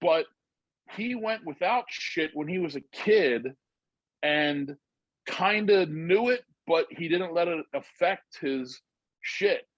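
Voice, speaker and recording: Husky-voiced man telling a story. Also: on the high side, lively intonation, slow, no echo, muffled recording. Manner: loose, rambling with many fillers and restarts. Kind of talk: casual chat, personal storytelling.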